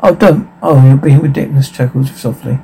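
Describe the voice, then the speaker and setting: Guy reading a soft wistful young girl, voice stays gravelly and husky. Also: medium pitch, steady tone, brisk, low-quality recording.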